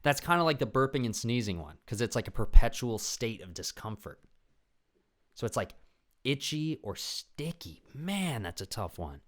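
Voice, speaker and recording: A young man hosting a podcast in a casual, rambling, profane chat. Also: medium pitch. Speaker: podcast host.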